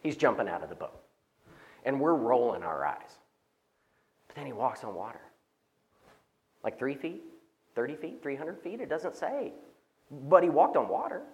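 A man's voice: medium pitch, normal speed, long pauses, lo-fi sound. A man giving an inspirational talk to agency workers, telling a story and acting out the reactions of the people in it. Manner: animated, acts out quoted reactions. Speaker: speaker at a conference for social service agencies.

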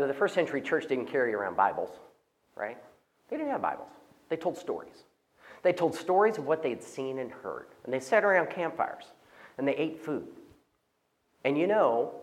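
A man giving an inspirational talk to agency workers, telling a story and acting out the reactions of the people in it. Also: medium pitch. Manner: animated, acts out quoted reactions. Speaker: speaker at a conference for social service agencies.

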